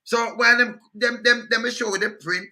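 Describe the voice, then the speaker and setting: A man with a Jamaican accent co-hosting a casual political chat, halting and repeating words as he talks in patois phrasing. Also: very high voice, fairly even intonation, pushed and bright. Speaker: co-host.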